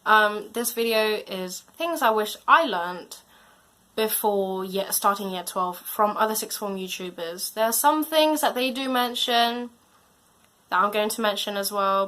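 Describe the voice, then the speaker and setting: A woman's voice: mid-range voice, fairly bright tone. A teenage girl giving casual advice as a student vlogger, chatty and slangy, her volume drifting up and down. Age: late teens.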